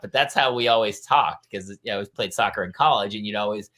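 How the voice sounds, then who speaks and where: A man hosting a parenting talk show, telling comic stories and acting out the people in them with loud shouted voices. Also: mid-range voice, fairly quick, hardly any pauses. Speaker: podcast host. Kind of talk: comedic storytelling chat.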